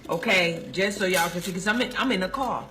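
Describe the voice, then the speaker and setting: A food vlogger films a casual selfie video review inside a car, praising a sandwich like a preacher while talking with her mouth full. Her lowish voice is a little fast, pushed, and bright, with a bit of hiss or hum.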